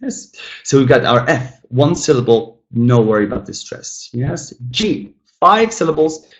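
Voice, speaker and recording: A man gives an online English lesson at an unhurried pace, with a pitch that sits in the middle. He says each example word twice and talks to the learners in a chatty way, calling them guys. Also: very animated, reverberant, muffled recording. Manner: drills each word twice, slow and careful. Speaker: English teacher. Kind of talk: webinar lesson.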